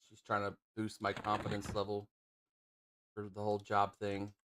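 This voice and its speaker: A man's voice: fairly low pitch, monotone, normal speed, noisy background. A man streaming a game, muttering casual commentary while sorting his items. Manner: mumbled, offhand remarks while sorting items.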